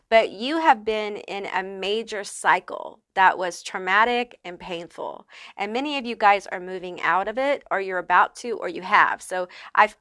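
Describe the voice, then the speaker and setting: A woman's voice: mid-range voice, pushed and bright, no echo. Chatty woman reading tarot cards. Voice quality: chatty, emphatic, many "like" and "um" fillers. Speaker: tarot reader. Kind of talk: casual pick-a-card tarot reading.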